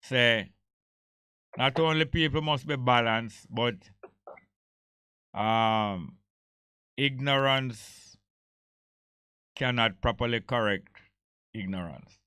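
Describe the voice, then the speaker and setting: A man with a Jamaican accent hosting a radio talk show, his voice very bright and crisp in a dry studio booth. He tells stories with ease and drifts between patois and English. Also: mid-range voice, steady tone, slow, long pauses, no room sound. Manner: storytelling, mixing patois and English. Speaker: radio host. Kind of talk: casual talk radio discussion.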